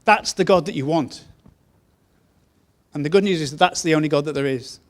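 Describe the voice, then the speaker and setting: A man's voice: a little high, brisk. A man preaching a sermon, telling a story in an earnest way and repeating key phrases. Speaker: pastor.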